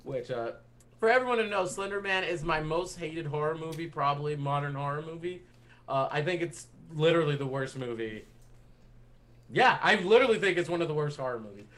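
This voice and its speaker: Lively, emphatic higher-voiced man. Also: a little fast. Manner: emphatic, blunt opinions, repeats himself. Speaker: podcast co-host. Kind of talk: casual movie chat.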